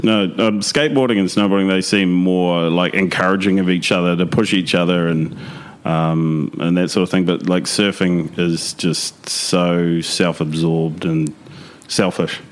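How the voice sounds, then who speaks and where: A man's voice: low-pitched, steady tone, measured pace. A man guest on a podcast, chatting casually at a home in Bali, laid-back and rambling with lots of fillers. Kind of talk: casual chat.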